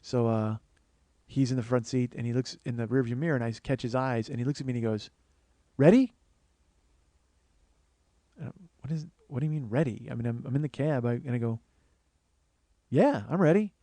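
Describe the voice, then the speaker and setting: A man telling a long comic story on his show, swearing often, starting in low murmurs and building to excited, rising outbursts. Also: fast, no room sound. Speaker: comedian and podcast host. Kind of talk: storytelling monologue.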